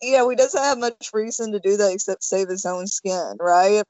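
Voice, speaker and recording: A woman's voice: medium pitch, moderate pace, darkish tone, no echo, poor audio. A woman co-hosting a casual film podcast, chatty and rambling, full of "like" and "you know". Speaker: podcast co-host.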